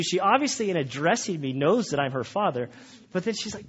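A man's voice: a little high, animated, quick pace, husky, lo-fi sound. A man preaching a sermon as pastor, earnest and often restarting his sentences, growing emphatic.

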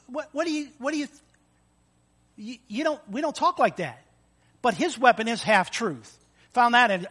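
A man preaching with a high, bright voice. He is animated and playful, acting out small scenes with voices and sound effects as he preaches. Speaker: pastor. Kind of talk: sermon.

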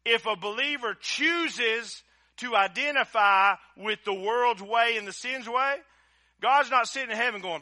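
Forceful preacher man. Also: very high-pitched, moderate pace. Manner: swings from loud emphatic preaching to quiet, close appeals; folksy, conversational, with direct address to the congregation. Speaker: pastor. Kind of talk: sermon. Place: church service.

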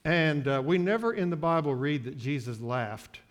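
A man preaching a sermon, moving from quiet asides to loud, drawn-out declarations. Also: on the high side, lively intonation. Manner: slow, emphatic preaching with sports metaphors; swings from soft asides to loud, stretched-out declarations. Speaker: pastor.

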